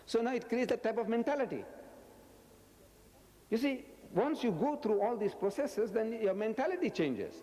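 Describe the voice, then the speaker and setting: A man in his seventies giving a religious lecture, loud and forceful, his pitch jumping high when he gets animated. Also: moderate pace. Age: 70s. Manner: loud, forceful, booming delivery; pitch swings sharply upward when animated. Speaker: Islamic lecturer. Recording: long hall reverb.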